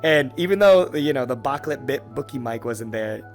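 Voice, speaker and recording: A young adult man hosting a podcast, telling a story in a casual, excitable way with heavy swearing and lots of fillers. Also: mid-range voice, normal speed, soft background music. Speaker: podcast host.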